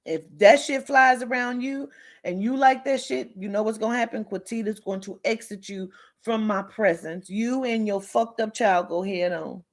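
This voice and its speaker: A woman's voice: mid-range voice, moderate pace. A woman hosting a livestream, lecturing viewers bluntly and emphatically with heavy swearing, and answering commenters by name. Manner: lectures sternly with repeated warnings. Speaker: livestream host. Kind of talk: live chat with viewers.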